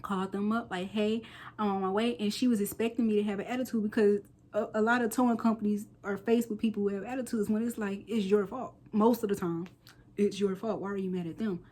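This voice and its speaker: A woman in her thirties telling a story in a casual vlog. She is chatty and animated, with slangy asides and playful, softly whispered quips. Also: mid-range voice, quick pace. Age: 30s. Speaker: lifestyle vlogger.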